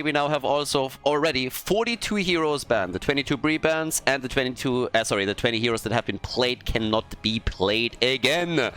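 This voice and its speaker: Guy casting an esports match, bright tense voice, moves around a lot in pitch, dry jokes. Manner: analytical, dry humor, laughs at himself. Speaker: esports caster. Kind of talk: esports commentary.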